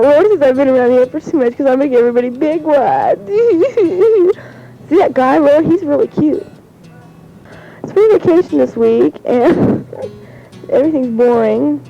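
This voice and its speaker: A rambling teenage girl talks into a home tape recorder, laughing often between her thoughts. Her voice sits a little high with a soft, warm tone. The sound is muffled and lo-fi like an old cassette, with faint guitar music behind her. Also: creaky. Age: teens. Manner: chatty, giggly, rambling. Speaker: high school student. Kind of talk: casual spoken letter on cassette tape. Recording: dull lo-fi 1970s home cassette.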